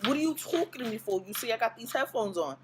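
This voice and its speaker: A woman's voice: fairly high pitch, quick pace, noisy background. Blunt, profane woman telling a story. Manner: blunt, profane, animated retelling. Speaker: vlogger. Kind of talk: casual storytime.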